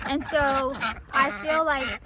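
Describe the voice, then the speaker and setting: A woman, vlogging outdoors on her farm and half-yelling into her phone camera because she has no mic. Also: sits high, flat delivery, slow, heavy background noise. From Florida. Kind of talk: casual vlog narration. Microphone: phone camera, no external mic.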